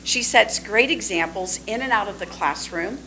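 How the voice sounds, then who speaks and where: A woman presenting a student award at a school board meeting, reading teachers' tributes with warm, gushing praise. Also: medium pitch, animated, normal speed, gravelly, slight background noise, rough recording. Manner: warm and gushing, trails off to a hush when aside.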